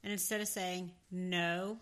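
A woman's voice: fairly low pitch, unhurried. A woman with a mix of New Jersey and Southern accent, chatting casually as a podcast co-host and telling stories with frequent laughs. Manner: animated, laughs often, storytelling. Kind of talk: casual chat.

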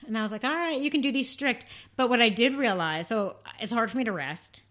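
A woman with a fairly high voice co-hosting a relaxed podcast conversation. She rambles through her stories, laughs easily and swears without a second thought. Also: brisk. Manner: laughs often, swears freely, rambling storytelling. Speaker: podcast co-host. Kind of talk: casual chat.

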